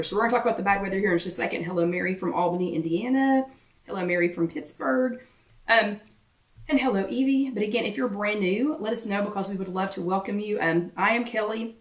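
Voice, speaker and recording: A hoarse woman hosts a casual live-stream chat, greeting viewers one by one. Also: medium pitch, distant mic. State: hoarse, losing her voice. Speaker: host of a live weight-loss workshop chat. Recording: roomy echo, voice away from the mic.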